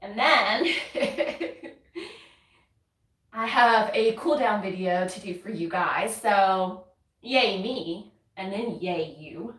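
A woman's voice: mid-range voice, slow, long pauses, a bit bright. A woman from North Carolina with a Southern accent, chatting and counting reps while doing a workout, a little winded. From North Carolina, USA. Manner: chatty, counts reps aloud, laughs and sighs between moves. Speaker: fitness content creator. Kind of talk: casual workout instruction while exercising. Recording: roomy sound, mic at a distance.

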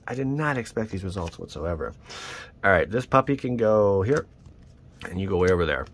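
A man hosting his channel, chatting casually and excitedly to viewers as he opens trading card packs. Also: low-pitched, brisk, husky. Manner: excitable, rambling, talks to viewers. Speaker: channel host. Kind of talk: casual card-opening commentary.

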